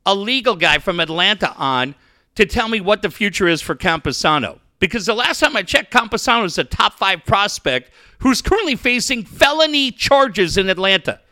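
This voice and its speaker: A man tears into local sports radio in a high, bright, wildly swinging voice. He swears nonstop and keeps the rant boiling. The sound is dry and close. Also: sing-song, normal speed, dry recording. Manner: ranting, heated, swears constantly. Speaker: podcast co-host.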